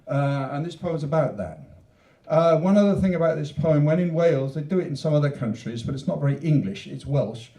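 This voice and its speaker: A man's voice: fairly high pitch, expressive, fairly quick, warm tone. A man reading his own poems at a literature event, with rambling, joking asides between poems and a rhythmic, emphatic recitation. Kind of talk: poetry reading with chatty introductions. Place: literature event venue, indoors. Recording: echoey room recording from a distance.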